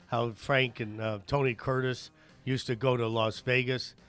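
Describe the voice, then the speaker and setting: A man guest on a talk show telling animated anecdotes. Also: mid-range voice, unhurried, faint music behind. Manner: animated storyteller, acts out voices.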